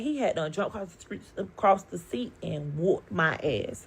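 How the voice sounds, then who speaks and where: A young woman, telling a story with animated, profane emotion. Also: medium pitch, normal speed, creaky, few pauses, slightly rough. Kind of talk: storytime vlog.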